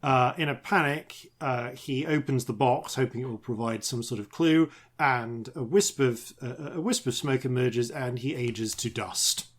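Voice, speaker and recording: A man hosting a tabletop game podcast as dungeon master, telling a folk tale in a rambling, halting way. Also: mid-range voice. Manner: rambling, halting storyteller with many ums. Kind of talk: casual podcast chat and storytelling.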